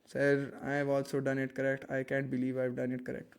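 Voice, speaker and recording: A man's voice: medium pitch, completely flat delivery, fairly quick, vocal fry, few pauses, clean tone. A man teaching a chemistry lesson in a casual, jokey way, counting aloud as he draws and mocking his own sketches.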